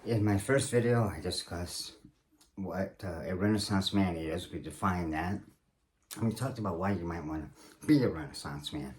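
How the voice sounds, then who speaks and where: A man hosting his video channel, giving casual instructional advice in a measured way, pausing often with fillers. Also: low voice, slight background noise. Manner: measured, hesitant with frequent fillers. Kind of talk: casual instructional talk to camera.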